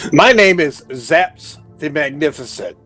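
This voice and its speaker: A man's voice: on the high side, animated, slow, fairly bright tone, faint music behind. A man voicing a dim, boastful male sorcerer who takes everything literally. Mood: rambling. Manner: clueless and literal-minded.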